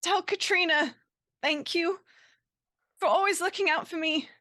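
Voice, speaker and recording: A woman's voice: extremely high pitch, a little slow, pushed and bright, voice pushed up, full character voice. A woman voicing a desperate young woman's farewell. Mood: earnest farewell. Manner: earnest, pleading farewell. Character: desperate young woman Constance, frightened, saying goodbye.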